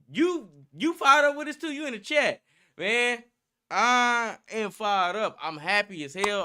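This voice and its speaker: A man's voice: high voice, sharp tone, clear, resonant tone. A young man hosting a livestream in casual, slangy, profane chat, hyped up and laughing often. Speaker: livestream host.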